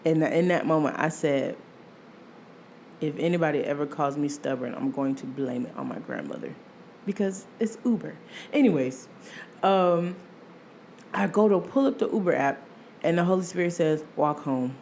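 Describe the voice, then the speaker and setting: Animated young woman telling a story. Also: sits low, moderate pace, gravelly, pauses often, slight background noise. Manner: animated, laughs often, acts out quoted voices. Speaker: podcast host. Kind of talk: casual solo storytelling.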